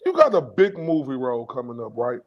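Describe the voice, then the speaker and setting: A man's voice: medium pitch, lively intonation, brisk. A man hosting a podcast, asking a guest long, rambling questions. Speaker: podcast host. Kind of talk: interview questions. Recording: dull lo-fi sound.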